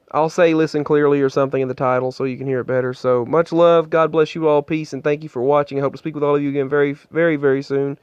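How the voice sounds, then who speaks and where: A man speaks earnestly into an earbud microphone, his smooth, slightly high voice stumbling and restarting as he tells his own story. The sound is dry and close, though a little dull and muffled, as from a small indoor space. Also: a little mellow, no echo. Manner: earnest, halting, many restarts. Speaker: vlogger. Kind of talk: personal storytelling vlog.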